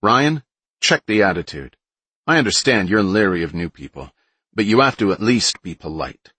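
A man voicing a peacemaker who calms a tense argument, in an audiobook. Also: fairly low pitch, moderate pace, husky, no room sound, pitched above the performer's own voice. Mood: stern. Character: peacemaking man, calming others.

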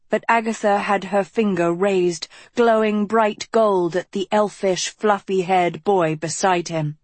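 Woman, audiobook narration, slow, measured, dry close mic. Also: medium pitch, steady tone, a little mellow, dry recording.

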